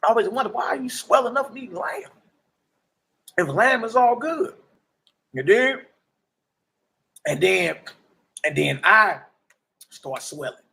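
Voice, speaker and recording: A man in his forties giving a casual, preachy testimony as a livestream host, slangy and animated, often asking "you dig?". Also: high-pitched, measured pace, gravelly, pauses often. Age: 40s.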